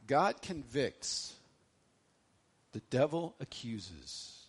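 A middle-aged man preaching a sermon as a pastor, swinging between loud emphasis and hushed lines, repeating phrases for effect. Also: mid-range voice, big pitch swings, very slow, breathy edge.

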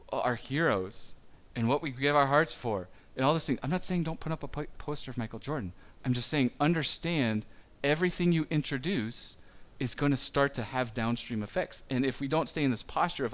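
A man giving a sermon on parenting in a relaxed, conversational way, stumbling a little and briefly acting out quotes from parents and children. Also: mid-range voice. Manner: conversational, with small stumbles and quick acted-out quotes. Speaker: pastor.

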